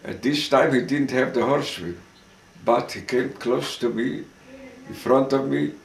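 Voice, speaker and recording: An older man giving oral history testimony as a survivor, telling his story slowly and haltingly with restarts and occasional coughs. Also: mid-range voice, steady tone, creaky, recorded from a distance. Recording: roomy sound, speaker off-mic.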